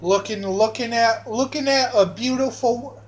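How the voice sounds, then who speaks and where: A man's voice: very high voice, a little slow, low-quality recording. A man telling a crude personal story on a vlog, rambling and meandering with many fillers and restarts.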